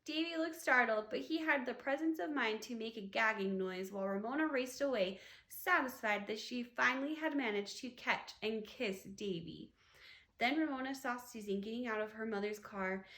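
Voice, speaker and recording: A woman teacher reads a children's chapter book aloud, telling it with lively expression. Her voice sits fairly high, and the room adds a noticeable echo. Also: moderate pace. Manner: expressive storytelling. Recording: echoey room.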